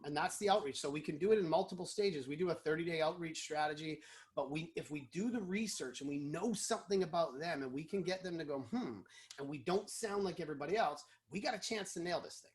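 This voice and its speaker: A man, a guest in a casual interview, explaining sales calls and acting out quick snippets of phone chats. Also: on the high side. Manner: animated, acts out phone calls.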